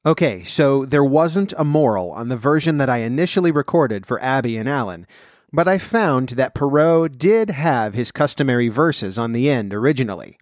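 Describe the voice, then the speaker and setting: Guy reading old fairy tales, steady measured voice, dry close sound. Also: mid-range voice, no room sound. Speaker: storyteller. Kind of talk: fairy-tale reading and folklore commentary.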